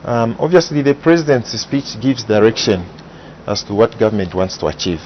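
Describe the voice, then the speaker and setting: A man, explaining parliament procedure in measured, methodical interview answers. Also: on the low side. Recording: dull broadcast audio with faint hiss.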